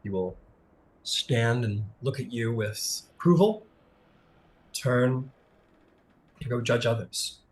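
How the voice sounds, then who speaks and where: A man's voice: medium pitch, lively intonation. Man narrating as game master. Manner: vivid scene-setting with frequent "um" pauses.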